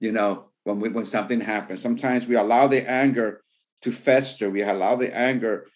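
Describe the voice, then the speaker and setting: A man, a pastor, teaching a sermon in a loose, conversational way, with many "you know" fillers, who slows down to read scripture verses. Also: on the low side, steady tone. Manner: reads scripture verses slowly and deliberately.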